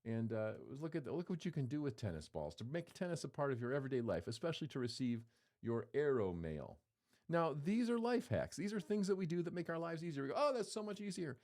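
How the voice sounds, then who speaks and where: A man's voice: mid-range voice, sing-song, quick pace, darkish tone. A man preaching a sermon in a conversational, playful way, acting out quotes as he goes. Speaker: pastor.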